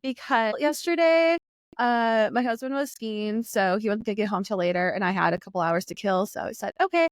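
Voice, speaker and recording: A woman's voice: mid-range voice, fairly quick, no room sound, studio quality. A woman in her thirties co-hosting a casual chat, laughing often and telling everyday stories. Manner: chatty, laughs often, tells everyday anecdotes. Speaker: co-host.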